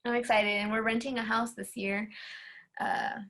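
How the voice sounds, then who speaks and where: A young woman co-hosting a podcast, talking in a bright, teasing way. Her voice sits a little high with a gravelly fry. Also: level tone, normal speed. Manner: upbeat, teasing, laughs easily. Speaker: podcast co-host. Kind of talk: casual chat.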